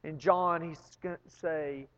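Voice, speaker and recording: High-voiced man preaching in a reverberant hall. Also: steady tone, takes it slowly. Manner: storytelling, building to loud emphatic peaks. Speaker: pastor. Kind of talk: sermon. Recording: long reverb, dull lo-fi sound.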